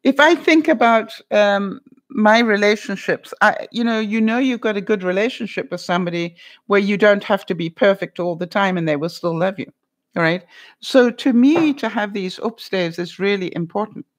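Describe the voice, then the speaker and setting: A middle-aged woman with a mid-range voice and moderate pace hosts a live stream, chatting casually and rambling as she reads viewer comments. She laughs often and uses many fillers.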